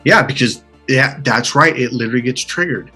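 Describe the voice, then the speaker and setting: A man coaching a client in conversation, animated and acting out panicked inner voices. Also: medium pitch, a little fast, husky, faint music behind.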